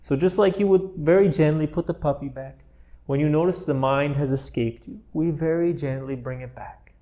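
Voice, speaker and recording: A man teaching a meditation class in a gentle, playful way, often laughing softly as he explains. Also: a little high, normal speed.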